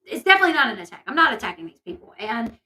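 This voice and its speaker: Bright, chatty woman. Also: fairly high pitch, big pitch swings, very fast, low-quality recording. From Southern United States. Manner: chatty, filler-heavy, indignant storytelling. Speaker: commentary YouTuber. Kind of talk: casual gossip commentary.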